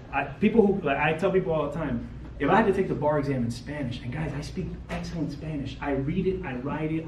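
A male lawyer giving a blunt, animated seminar talk to an audience of realtors, peppered with "okay" and "right". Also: fairly high pitch. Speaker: real estate lawyer. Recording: roomy, distant mic with faint ambient noise.

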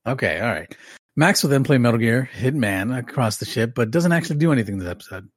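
A man's voice: medium pitch, lively intonation, fast talker, slightly rough, no room sound, clean studio sound. A man co-hosting a podcast, reading a recap aloud with wry joking asides. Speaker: podcast co-host.

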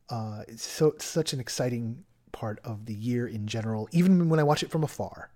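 A man's voice: mid-range voice, animated, moderate pace, hardly any pauses, a little mellow. Chatty laughing man hosting a podcast. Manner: chatty, laughs often, lots of filler words. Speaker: podcast host. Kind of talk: casual interview chat.

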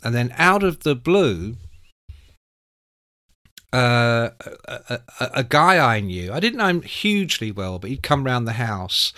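A man, telling anecdotes as a guest, animated and swearing freely. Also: mid-range voice, unhurried, no room sound, clean studio sound. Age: 60s. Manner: animated, acts out quoted voices, swears freely. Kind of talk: casual storytelling.

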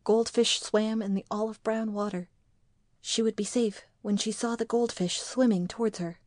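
Brief: a woman reading literary fiction aloud, calm and measured, dry sound. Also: fairly high pitch, dry recording. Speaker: narrator. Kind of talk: audiobook narration.

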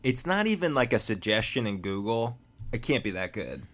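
A man's voice: lowish voice, sing-song, moderate pace, fairly bright tone. A man from the Philadelphia area co-hosting a casual movie podcast, making dry, teasing asides. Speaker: podcast co-host.

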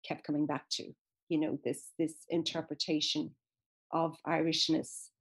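A woman talks through a conversational interview about literature with a husky, somewhat low voice. She sounds thoughtful and enthusiastic, pausing to find her words. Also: a little mellow. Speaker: guest discussing literature.

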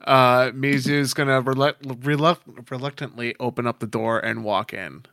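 A man playing in a casual tabletop game, quick and correcting himself. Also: medium pitch, fairly even intonation, fairly bright tone, dry recording, clean studio sound. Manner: fast, self-correcting. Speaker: player.

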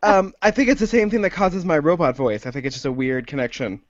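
A man's voice: on the high side, fast, dry recording, lo-fi sound. A man co-hosting a casual podcast, rambling and joking at his own expense. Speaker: podcast co-host.

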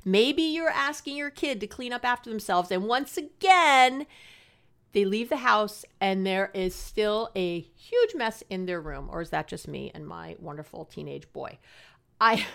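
A woman's voice: mid-range voice, creaky, fairly bright tone. Middle-aged woman podcast counselor, mid-range voice, chatty, earnest, self-mocking. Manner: chatty, earnest and passionate, laughs at herself. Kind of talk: casual advice podcast monologue.

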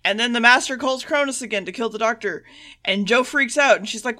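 A woman co-hosting a podcast, recapping an episode in loose casual chat with swearing and quick character asides. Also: fairly high pitch, sharp tone. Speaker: podcast co-host.

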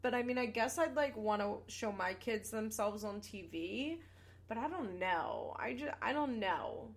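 A woman's voice: medium pitch, lively intonation, measured pace, creaky. A young woman in her twenties hosting a casual podcast, recapping a reality show with chatty, sarcastic asides and casual swearing. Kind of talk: casual chat.

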